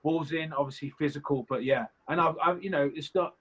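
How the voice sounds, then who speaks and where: This young man's voice is a little high and slightly rough, a bit bright, and he talks a little fast. As a reality competition contestant guesting on an interview, he's casual, rambling and candid, with some swearing. The audio is lo-fi and slightly muffled.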